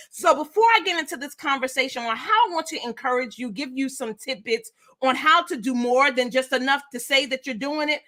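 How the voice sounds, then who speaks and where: Bright, lively woman coaching her live chat. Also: high-pitched, fairly quick, hardly any pauses. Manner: energetic, preachy, talks to her chat. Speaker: business coach and founder. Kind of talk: live-stream motivational talk.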